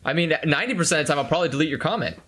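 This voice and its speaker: A young man chatting casually, delivering over-the-top complaints with a dry, deadpan manner. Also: a little high, racing. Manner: deadpan mock outrage, dry joking. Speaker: co-host with a video channel. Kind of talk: casual chat.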